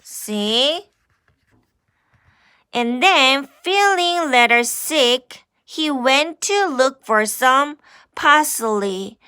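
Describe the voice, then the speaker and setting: A woman's voice: high voice, expressive, drawn-out words, pushed and bright, smooth, no echo, clean studio sound. A woman with a Korean first language reading a picture book aloud to children as their English teacher, exclaiming and asking the listener questions.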